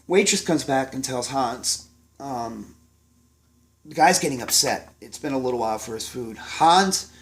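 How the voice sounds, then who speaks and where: A man's voice: mid-range voice, moderate pace, a bit bright. Profane rambling middle-aged man. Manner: rambling and profane, with many ums and restarts. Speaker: chef telling kitchen stories. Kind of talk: casual storytelling to camera.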